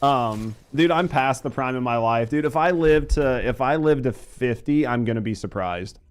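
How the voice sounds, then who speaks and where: A man's voice: medium pitch, normal speed, clean tone. A man in his thirties streaming a game, joking and swearing as he chats with viewers. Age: 30s. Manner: profane, joking, reads chat aloud while playing. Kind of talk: casual gaming stream chat.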